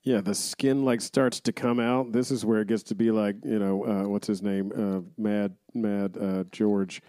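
A man's voice: on the low side, little pitch movement, unhurried, warm tone, clean tone, no room sound. A man co-hosting a movie podcast, talking in a dry, teasing, laid-back way. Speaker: podcast co-host. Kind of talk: casual movie podcast chat.

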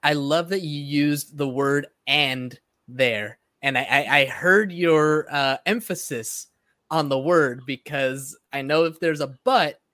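Quick engaged male host, dry sound. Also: a little high, pushed and bright, dry recording. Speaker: podcast host. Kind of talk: interview conversation.

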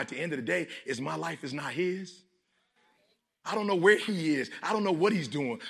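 A man from Detroit giving a motivational speech to a live audience, gravelly and emphatic, often shouting. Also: fairly high pitch. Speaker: motivational speaker.

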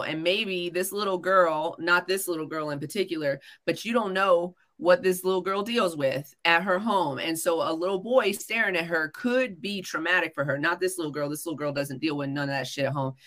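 A woman's voice: on the low side, pushed and bright. A young woman telling a story in a casual podcast chat, blunt and full of profanity. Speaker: podcast co-host.

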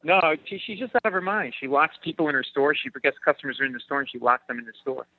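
A man, a comedian guest, telling comic stories in an animated way and acting out the people in them. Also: on the high side, fast, dry recording, narrow, tinny audio. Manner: animated storyteller, acts out quotes, laughs often. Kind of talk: comic storytelling.

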